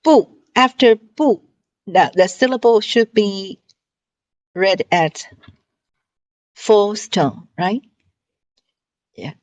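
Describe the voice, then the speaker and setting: A woman teaching tones in an online lesson, slowly repeating each syllable with patience. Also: mid-range voice, expressive, darkish tone, dry recording, dull audio. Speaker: Mandarin teacher.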